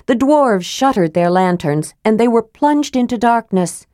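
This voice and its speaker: A woman narrating a fantasy audiobook in a steady, measured storytelling manner. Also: fairly high pitch, dry recording, studio quality.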